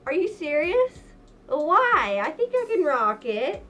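A woman's voice: high-pitched, big pitch swings, slow, sharp tone, muffled recording. A young woman vlogger chatting casually to camera in a self-mocking way. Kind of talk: casual vlog chat.

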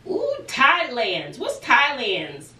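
A woman's voice: high-pitched, wildly swooping pitch, drawn-out words, bright, forceful tone, far from the mic, faint music behind. A woman, a family vlogger chatting casually to camera and musing aloud to herself in her bedroom at home. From Texas. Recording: echoey room, voice off-mic, faint noise.

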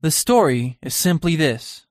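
A man's voice: a little high, animated, unhurried, no echo, studio quality, voice pushed up. A man voicing an earnest young painter in an audiobook, confiding and uneasy in tone.

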